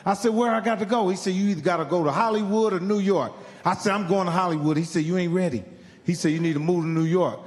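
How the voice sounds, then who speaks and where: A man's voice: high voice, quick pace, long reverb tail. A man from Indiana doing stand-up, telling a profane story and acting out the other people in it. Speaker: stand-up comedian. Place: live comedy venue.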